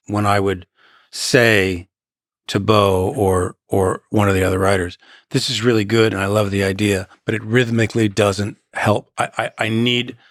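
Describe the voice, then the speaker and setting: A man in his sixties, a guest on a podcast, talking in a measured, halting way with quoted asides and dramatic pauses. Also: on the low side, creaky, no echo, clean studio sound. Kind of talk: reflective interview storytelling.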